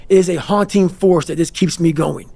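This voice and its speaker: A man's voice: a little high, moderate pace, vocal fry, darkish tone. A man giving a passionate, emphatic motivational talk as a podcast guest, swearing often and pressing hard on his points. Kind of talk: intense motivational monologue. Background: faint background music.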